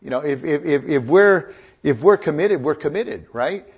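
A man's voice: a little high, lively intonation, moderate pace, a little mellow, husky. A middle-aged male pastor preaching a sermon, joking with the congregation and rising into emphatic bursts.

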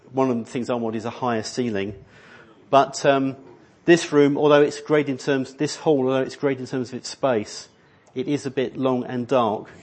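A man's voice: medium pitch, a little mellow. A middle-aged man preaching a sermon in a church hall, rambling and conversational, with many restarts. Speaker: pastor.

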